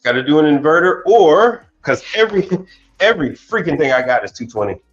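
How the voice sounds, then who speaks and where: A man's voice: on the high side, brisk. A man working as a commercial appliance technician, chatting casually on a livestream, telling stories animatedly and repeating words as he goes. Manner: animated storyteller, repeats words, laughs often. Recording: slightly dull audio, faint music.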